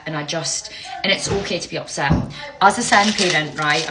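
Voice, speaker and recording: Frank, swearing mum vlogging. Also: female voice, sits low, poor audio. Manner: frank, swears freely, often asks "right?". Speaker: parent vlogger. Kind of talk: candid emotional vlog to camera. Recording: music playing behind the voice.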